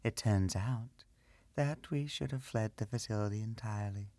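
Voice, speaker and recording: A man voicing a guarded young priestess who answers quietly, in a storybook reading. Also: fairly low pitch, moderate pace, no room sound, pitched above the performer's own voice, close to an everyday voice.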